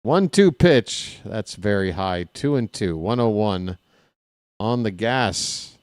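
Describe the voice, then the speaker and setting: A man doing casual live play-by-play of a ballgame, chatting straight to his viewers between pitches with candid, self-deprecating asides. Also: lively intonation, slow, clean tone, no room sound, studio quality. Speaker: play-by-play commentator.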